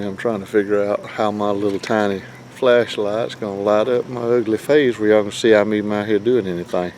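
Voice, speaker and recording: A man's voice: on the low side, fairly even intonation, moderate pace, a little mellow. A middle-aged man chatting casually, rambling and joking at his own expense, outdoors by a grill before dawn. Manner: folksy, rambling, self-deprecating. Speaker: vlog host. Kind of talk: casual outdoor vlog chat. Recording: faint outdoor background noise.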